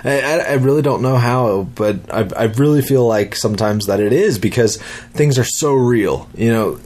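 Mid-range in pitch and normal in speed, a young man who's a dad casually relates a vivid dream. He rambles and swears, restarting his lively retelling more than once.

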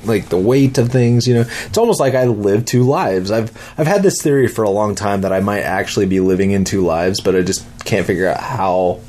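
A young man, a dad, speaks a little fast in a fairly low voice, barely pausing as he recounts a vivid dream. His casual storytelling is rambling and sweary, with animated restarts.

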